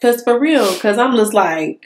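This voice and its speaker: A young woman hosting a casual podcast chat, telling an animated personal story in casual slang. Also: on the high side, normal speed. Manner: animated storytelling, Southern Black-American vernacular slang. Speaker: podcast host.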